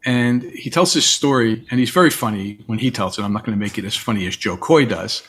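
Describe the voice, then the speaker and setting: A man's voice: on the low side, brisk, fairly bright tone, husky. A man guest in a reflective conversation, telling stories and acting out the voices of people he quotes. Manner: storytelling, acts out quoted voices. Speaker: interview guest.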